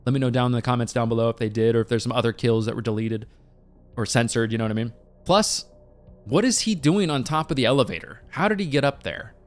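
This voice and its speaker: Animated, rambling man reviewing a movie. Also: mid-range voice, quick pace, faint music behind. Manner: animated and rambling, with laughing asides.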